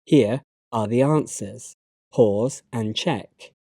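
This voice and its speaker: A man with a British English accent, narrating a slide lesson and giving learners instructions in a measured, instructive way. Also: mid-range voice, mellow, husky, no room sound, clean studio sound. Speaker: English teacher.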